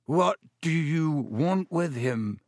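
A man voicing a stout, stubborn schoolboy who talks slowly and solemnly in a hushed, conspiratorial way. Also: mid-range voice, very animated, slightly rough, no room sound, clean studio sound, exaggerated voice. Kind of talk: audiobook character voice.

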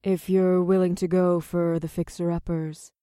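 A man voicing a poised female succubus who runs a club, speaking in a languid, measured, affectionate way. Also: high-pitched, level tone, warm tone, smooth, no echo, studio quality, voice pushed up, close to an everyday voice. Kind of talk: audiobook character voice.

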